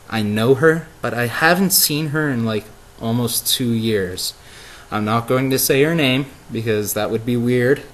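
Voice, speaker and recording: A young man vlogging, telling a story emotionally with halting restarts and repeated words. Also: mid-range voice, fairly bright tone, slight background noise, poor audio. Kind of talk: casual vlog monologue.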